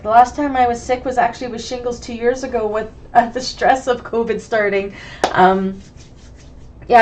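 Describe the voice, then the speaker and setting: A woman with a cold, raspy and sniffly, chatting through a live online bag-making class and greeting viewers by name. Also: medium pitch, a little mellow. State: sick with a cold, hoarse and sniffly. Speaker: bag-making sewing instructor.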